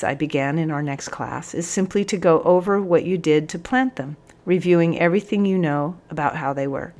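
A woman narrating a story in the first person, calm and explanatory. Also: low-pitched. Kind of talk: audiobook narration.

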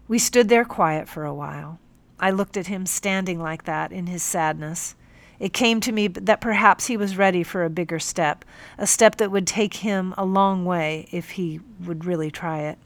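A woman reads a first-person audiobook in a calm, measured way. Her voice is a little low for a woman, and the recording is close and completely dry, with no room sound at all. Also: no echo. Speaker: audiobook narrator.

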